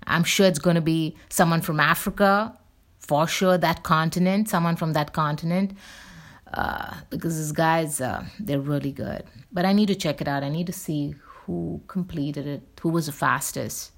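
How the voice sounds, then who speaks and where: A woman's voice: sits low, moderate pace. A woman hosting a casual solo talk show, rambling and candid with lots of fillers and restarts. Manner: candid, chatty. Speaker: show host.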